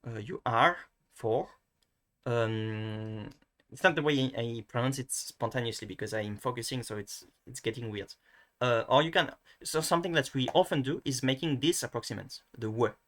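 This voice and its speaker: French-accented male tutor, mid-pitched, casual, halting and full of fillers. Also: a bit bright. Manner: hesitant, many restarts and fillers, thinking aloud. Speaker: language tutor. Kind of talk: casual screen-recorded lesson.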